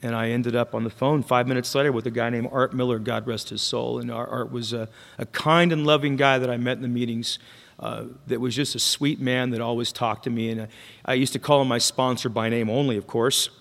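Man, middle pitch, candid, self-deprecating, halting restarts, recovery meeting talk, long reverb of a hall. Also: fairly even intonation, vocal fry, fairly bright tone. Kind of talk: personal recovery story told to an audience.

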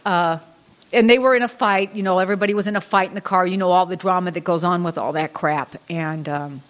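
A woman's voice: fairly low pitch, steady tone, a little fast. A middle-aged woman telling a long, rambling personal story at an Al-Anon meeting, full of fillers and restarts. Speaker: Al-Anon speaker. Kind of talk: personal recovery talk.

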